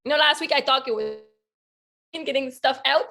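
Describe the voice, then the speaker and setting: High-voiced bubbly woman, husky today. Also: moderate pace, bright, forceful tone. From Quebec, Canada. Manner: bubbly, laughs often, chatty. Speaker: life coach. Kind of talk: casual interview chat.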